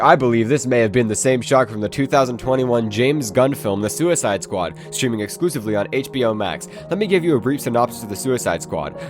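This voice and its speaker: A man narrating a parody horror story in a mock-serious, absurdly rambling way. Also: mid-range voice. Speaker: comedic narrator.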